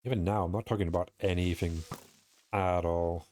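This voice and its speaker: Young British streamer, low voice, rambling and self-mocking chat, a bit sweary. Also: male voice, fairly even intonation, moderate pace, a little mellow. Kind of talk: casual streaming chat while playing.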